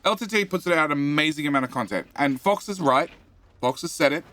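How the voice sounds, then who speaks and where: A man's voice: a little high, animated, fairly quick, fairly bright tone. A man with an Australian accent chatting casually on a game live stream, rambling, repeating himself and muttering to himself while he plays and answers chat.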